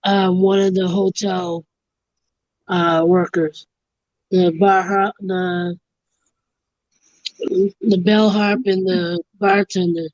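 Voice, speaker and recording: Animated woman telling comedy stories. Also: fairly low pitch, slow pace, long pauses, no room sound, dull audio. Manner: animated storyteller who acts out quoted comedy lines. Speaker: co-host. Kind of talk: casual chat.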